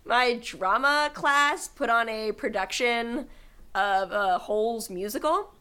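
Fairly high in pitch, slow, and clean in tone, this young woman is a podcast co-host. She chats casually and animatedly about a childhood favorite movie, gushing and breaking into bits of song along the way.

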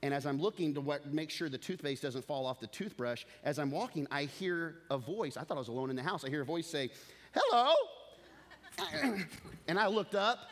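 A middle-aged pastor with a slightly high voice preaches a sermon as an animated storyteller. He repeats words as he builds his point and chuckles his way through a funny story.

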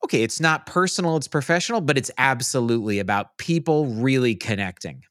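A man's voice: mid-range voice, lively intonation, a little fast, fairly bright tone, no echo, clean studio sound. A man hosting a casual interview, probing and rephrasing his questions. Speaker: podcast host.

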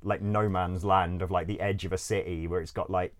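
Low-voiced man rambling casually. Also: steady tone, fairly quick. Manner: rambling, laughing often, swearing, many fillers. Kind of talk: casual storytelling.

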